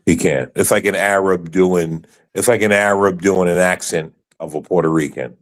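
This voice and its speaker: A fairly low-pitched man from South Africa trades jokes in a loose group conversation. He often restarts his sentences with a halting "I, I" before landing the point. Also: steady tone. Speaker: podcast co-host. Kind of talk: casual group chat.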